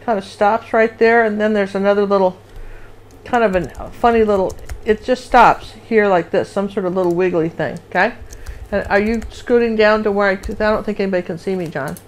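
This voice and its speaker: A woman's voice: medium pitch, steady tone, brisk. A woman hosting a live painting lesson, chatty and rambling, humming little rhythms as she sketches. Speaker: painting instructor and show host.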